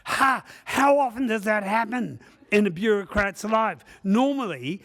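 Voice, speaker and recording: Slow-talking man presenting. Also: high-pitched, animated, fairly bright tone. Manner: humorous, rambling storyteller with frequent "uh" fillers. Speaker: conference presenter. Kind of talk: conference presentation. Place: conference session room.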